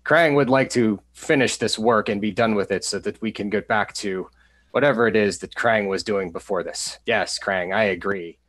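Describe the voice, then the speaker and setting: A man's voice: fairly low pitch, moderate pace, fairly bright tone. A man voicing a mechanical male robot droid that speaks of itself in the third person. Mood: droning.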